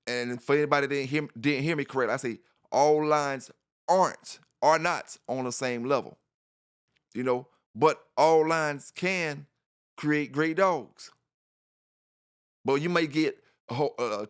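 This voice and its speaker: A man's voice: on the high side, a bit bright, smooth. A man hosting a dog channel, talking casually in a rambling monologue, repeating himself and filling gaps with "you know".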